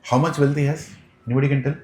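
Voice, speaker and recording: A man with an Indian English accent giving a scripture class, animated and firing rhetorical questions at his audience. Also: fairly high pitch, racing. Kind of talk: sermon. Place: devotional center hall. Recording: echoey room.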